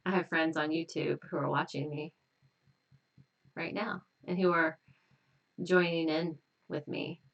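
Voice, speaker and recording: A woman hypnotist at home, hosting a live stream and slowly leading repetitive guided tapping affirmations. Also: deep voice, flat delivery, recorded from a distance, dull audio. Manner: slow, repetitive, gently affirming.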